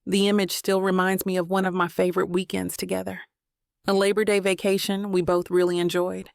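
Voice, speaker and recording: A woman reads a first-person romance audiobook with a wry, self-questioning tone. Her voice carries a gravelly rasp, and the recording is dry and close with no room echo. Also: medium pitch, flat delivery, a little fast. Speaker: audiobook narrator.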